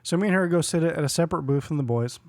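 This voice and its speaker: A man in his forties tells a rambling story on a podcast and acts out every line of dialogue. His voice sits a bit high. The sound is dry and close. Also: very fast, no room sound. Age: 40s. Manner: animated storyteller, acts out quotes, laughs often. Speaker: podcast co-host. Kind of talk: casual chat, storytelling.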